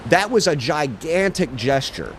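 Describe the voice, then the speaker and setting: A man's voice: a little high, very animated, a little slow, a bit bright, a little hiss or hum. A man livestreaming a game, chatting casually in a laid-back, slangy way with lots of swearing. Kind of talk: casual chat while gaming.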